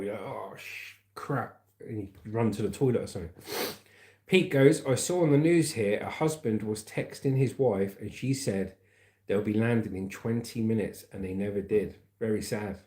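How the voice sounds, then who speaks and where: A man's voice: lowish voice, warm tone. A man hosting a casual livestream, rambling as he reads out viewer comments and calls them mate and brother. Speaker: livestream host reading chat. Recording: roomy echoey room.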